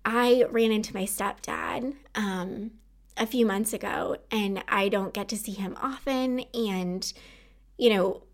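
A woman's voice: mid-range voice, slow. A woman in her thirties hosting her own podcast, talking earnestly and encouragingly to listeners about self-kindness. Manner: earnest and encouraging, warm laughs. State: tearful at times. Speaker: podcast host and anxiety coach. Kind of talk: heartfelt solo podcast talk.

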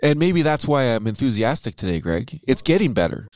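A man's voice: mid-range voice, very animated, fairly quick, a little mellow, no room sound. An upbeat man chats through an investing podcast as co-host. His voice sits in a middle register. The sound is dry and close, with no room around it. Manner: upbeat, chatty, self-aware about his "radio voice". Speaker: podcast co-host, financial advisor. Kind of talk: casual chat.

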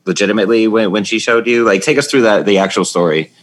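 Laid-back low-voiced male podcast host. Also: quick pace. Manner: relaxed, laughs often, asks follow-up questions. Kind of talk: casual interview chat.

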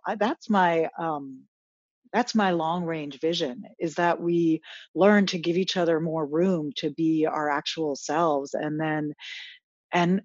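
Woman guest, coach type, earnest, restarts a lot; low-ish voice, dry dull recording. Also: darkish tone, dry recording. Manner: earnest, reflective, frequent restarts. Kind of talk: casual interview chat.

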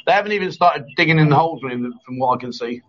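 A man's voice: fairly high pitch, lively intonation, fast talker, a bit bright, dull audio. A man hosting a casual live chat show, joking and teasing his co-host.

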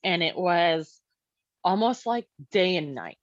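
A woman's voice: on the low side, animated, slow, dry recording. Woman, parent sharing her own story, loose chatty delivery, acts out quotes, dry slightly muffled sound. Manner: conversational, many "like" fillers, acts out quoted dialogue. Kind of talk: casual personal storytelling.

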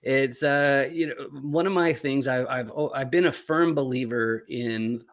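Man, podcast guest, mid-pitched, meandering speech full of fillers. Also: unhurried. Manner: rambling, many fillers and restarts. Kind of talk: casual chat.

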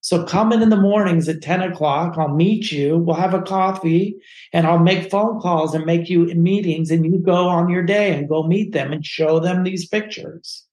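A man's voice: sits high, normal speed, a little mellow, pitched above the performer's own voice, natural voice. A man playing an upbeat, encouraging agency boss. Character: kindly middle-aged male agency boss. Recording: roomy echo.

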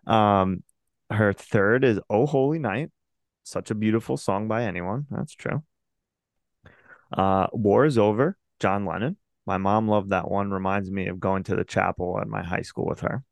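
A young man co-hosts a chatty podcast, reading listener emails with a joking, easygoing manner. His voice sits on the lower side with a gravelly edge. The sound is dry and close to the mic. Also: a little slow, no room sound. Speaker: podcast co-host.

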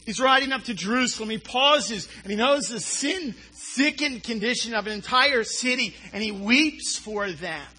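A man preaching a sermon in a very high, bright and keen voice with a husky, breathy edge. He speaks slowly and deliberately, poses rhetorical questions and answers them himself, and repeats words as he goes. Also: animated.

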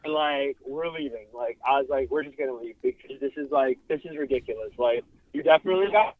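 A young man telling a story in a casual interview, animated and full of fillers, calling in over a breaking-up phone line. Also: mid-range voice, brisk, dry recording. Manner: animated, filler-heavy, swearing. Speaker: car photographer guest. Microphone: phone call, breaking up. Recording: dry thin phone line.

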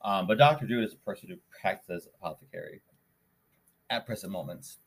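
Podcast host, young man from Minnesota, lower voice, loose rambling storyteller heavy on fillers. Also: brisk, creaky, slightly rough. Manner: rambling, animated retelling with many fillers. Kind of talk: casual storytelling.

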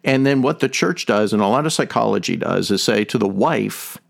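A man's voice: on the low side, lively intonation, moderate pace, gravelly. A man hosting a podcast, giving an earnest teaching talk and restating his main point several times. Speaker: podcast host. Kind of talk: teaching talk on a faith topic.

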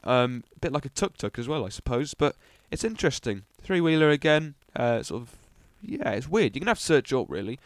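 A man's voice: medium pitch, sing-song, a little fast, hardly any pauses, no room sound. A young man hosting a casual car news podcast, rambling with ums and little asides. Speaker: podcast host.

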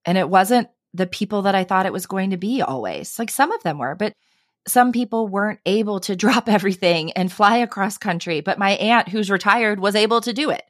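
A woman's voice: mid-range voice, brisk, no room sound. Earnest woman guest, dry close sound. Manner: earnest, animated storytelling with frequent "right?" and "I mean". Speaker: podcast guest. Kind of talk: conversational interview.

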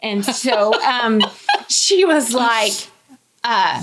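A woman's voice: mid-range voice, moderate pace, fairly bright tone. A woman, telling a personal story as an interview guest in a candid, chatty way with many quoted asides. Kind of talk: personal testimony in casual conversation.

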